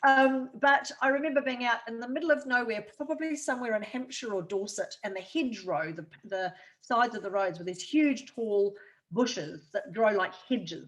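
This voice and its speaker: A woman's voice: mid-range voice, fairly bright tone. A woman with a New Zealand accent, a guest in an interview, telling chatty stories and laughing often. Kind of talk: casual interview chat.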